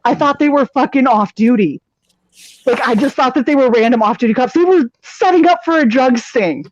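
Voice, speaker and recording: A woman co-hosting a live stream, telling a long story in a casual, profane, animated way and acting out the people in it. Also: high-pitched, brisk, lo-fi sound.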